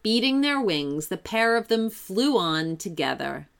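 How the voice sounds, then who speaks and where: Lively woman reading a children's story. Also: mid-range voice, measured pace, gravelly, clean tone. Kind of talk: scripted narration.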